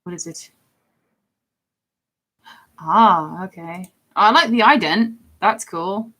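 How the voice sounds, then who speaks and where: A young woman chatting casually on a live stream, giggly and self-deprecating, her pitch swinging widely as she answers viewers. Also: slow pace, pushed and bright.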